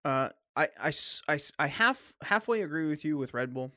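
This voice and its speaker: A man's voice: fairly high pitch, expressive, pushed and bright, dry recording. Opinionated man hosting a sports talk. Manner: opinionated, halting with restarts. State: coughing, clearing throat. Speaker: podcast host. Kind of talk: casual sports chat.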